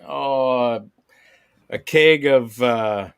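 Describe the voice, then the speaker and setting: A man co-hosting a podcast, animated and quick to swear in frustration. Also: medium pitch, vocal fry, clear, resonant tone. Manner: animated, profane, frustrated outbursts. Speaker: podcast co-host. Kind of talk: casual chat.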